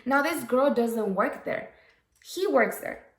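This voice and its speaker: A woman's voice: on the high side, expressive, slow pace. A woman telling a story while doing a makeup tutorial, frank and profane, often checking in with "okay?" and "right?". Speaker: makeup vlogger. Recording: echoey room.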